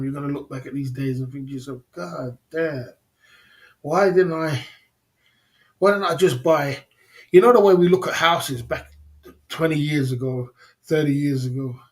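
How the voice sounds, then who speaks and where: A man's voice: mid-range voice, a little fast. A man hosting a casual livestream, rambling about stocks and reading chat comments, often repeating "you know what I mean". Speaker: livestream host.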